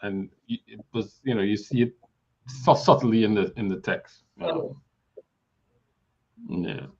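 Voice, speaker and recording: A man's voice: lowish voice, lively intonation, measured pace, gravelly, breathy edge. Man chatting in a dull lo-fi recording. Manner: laughs often, mimics people while telling stories. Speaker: discussion panelist. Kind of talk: casual group Bible discussion.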